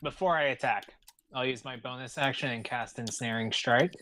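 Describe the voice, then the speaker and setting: A man's voice: mid-range voice, sharp tone, slight background noise. A man playing a tabletop game, thinking aloud and hesitating as he decides his character's moves. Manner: slow, hesitant, thinking aloud through turns. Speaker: player.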